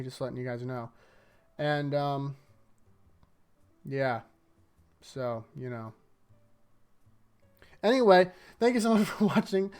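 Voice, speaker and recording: Male vlogger, slightly high voice, chatty and animated, tossing in impressions. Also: clear, resonant tone. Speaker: anime recap YouTuber. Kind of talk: casual rambling recap. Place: indoors in front of a green screen.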